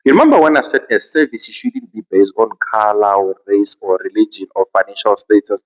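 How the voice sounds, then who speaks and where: A man with a South African accent, hosting a podcast and telling a story in a casual, expressive way. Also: lowish voice, brisk, muffled recording. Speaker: podcast host.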